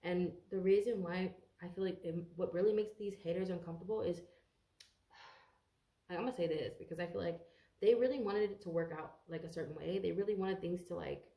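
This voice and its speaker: A woman's voice: lowish voice, a little fast, gravelly, warm tone, reverberant. A congested woman giving a casual tarot reading to camera, rambling, swearing freely and stumbling over her words. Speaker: tarot reader.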